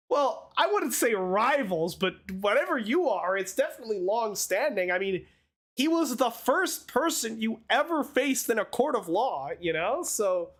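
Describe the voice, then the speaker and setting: A woman's voice: fairly high pitch, big pitch swings, measured pace. A woman streamer giving casual, laughing, profane commentary while playing a story game.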